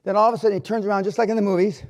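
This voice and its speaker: An older man giving a live motivational talk in a university hall, telling stories bluntly and with swearing, swinging from loud to quiet. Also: high-pitched, steady tone, very fast. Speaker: motivational speaker.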